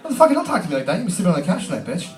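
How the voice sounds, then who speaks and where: A man's voice: sits high, huge pitch swings, racing. A man putting on a brash, tipsy young woman. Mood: aggressive. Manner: brash and confrontational. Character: sassy, tipsy young woman picking fights. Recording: roomy pub sound from a distant mic.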